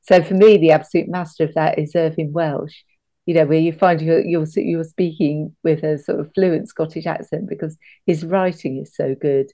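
Woman, book club panelist, thoughtful, measured, lowish voice, mellow tone. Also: fairly even intonation. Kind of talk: casual discussion.

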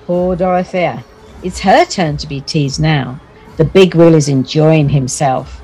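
A woman narrating a children's bedtime story in a gentle, expressive storytelling manner. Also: low voice, measured pace, breathy edge, faint music behind.

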